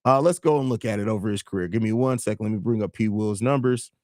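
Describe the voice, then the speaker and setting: A fast-talking man with a low, slightly mellow voice runs a live sports stream, reading viewers' comments and answering them. He argues points and restarts mid-thought, recorded in clean studio sound with no echo.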